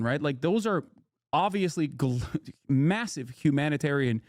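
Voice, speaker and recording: Man streaming, sarcastic and heated, fairly high voice, dry close sound. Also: lively intonation, normal speed, darkish tone, dry recording. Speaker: streamer reacting to clips. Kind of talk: casual live-stream commentary.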